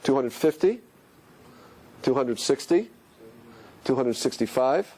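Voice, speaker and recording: A man's voice: medium pitch, slow pace, slight background noise. A man giving a lecture on Hebrew letters, asking his listeners question after question. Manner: questioning, rhetorical, animated. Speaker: Torah teacher.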